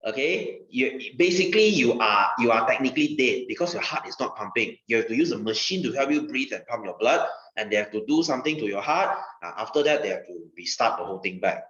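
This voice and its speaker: A man's voice: medium pitch, lively intonation, quick pace, hardly any pauses, fairly bright tone. A male science teacher, giving a casual lesson in a chatty way, repeating phrases and asking rhetorical questions. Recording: dull, roomy recording.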